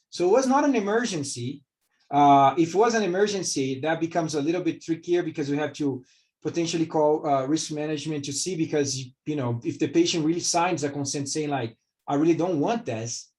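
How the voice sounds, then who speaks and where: A man's voice: on the high side, a little mellow. A middle-aged man from Brazil with a Brazilian Portuguese accent, a surgeon answering interview questions candidly and rambling with many fillers. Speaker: vascular surgeon.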